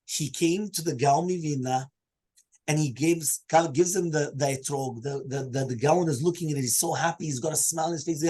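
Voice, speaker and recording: A man teaching a Torah class as a rabbi, telling stories with big swings in pitch and loudness. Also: moderate pace, poor audio. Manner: animated storytelling with swinging pitch and volume.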